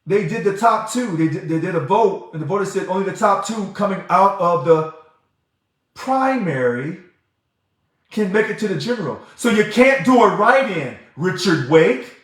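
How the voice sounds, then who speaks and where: A man's voice: sits high, animated, moderate pace, fairly bright tone. A man hosting a livestream and answering viewer comments in an emphatic, heated way. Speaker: livestream host. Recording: very echoey room.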